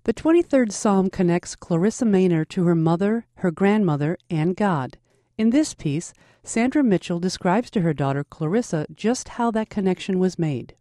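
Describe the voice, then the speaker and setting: A radio announcer reading a formal, scripted introduction in a measured, clear way. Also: mid-range voice, lively intonation, dark tone, dry recording, clean studio sound.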